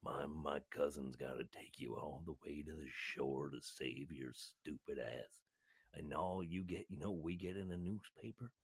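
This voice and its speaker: A man voicing a grumpy seal, slowly ranting at humans in a put-on accent, low and drawn out. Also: creaky, slightly rough, no echo, full character voice. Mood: grumbling, annoyed. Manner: slow grumbling rant with a put-on accent.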